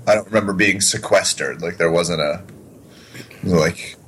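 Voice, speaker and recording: A man's voice: low-pitched, unhurried, fairly bright tone, a little hiss or hum, low-quality recording. A man in casual podcast chat, trading wry, teasing banter.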